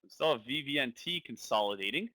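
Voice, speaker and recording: A man's voice: mid-range voice, animated, fast, bright, forceful tone, dry recording. A man giving casual live commentary on a stock trading stream, thinking aloud and repeating phrases.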